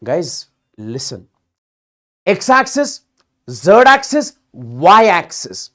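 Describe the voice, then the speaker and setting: A man teaching physics in a live online exam-prep class, talking in animated bursts, repeating words and checking in with students often. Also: sits high, takes it slowly.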